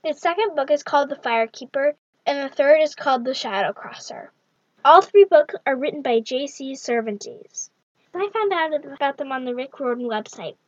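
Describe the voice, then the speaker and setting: A woman's voice: high-pitched, lively intonation, normal speed, no echo, muffled recording. A woman hosting her own book review vlog, talking in an upbeat, chatty way.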